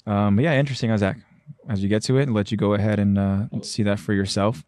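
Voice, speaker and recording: A man's voice: lowish voice, steady tone, fast talker, a little mellow, dry recording, studio quality. A young man hosting a livestreamed podcast, winding down with loose, easygoing plugs full of fillers. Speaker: podcast host. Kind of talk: casual livestream podcast chat.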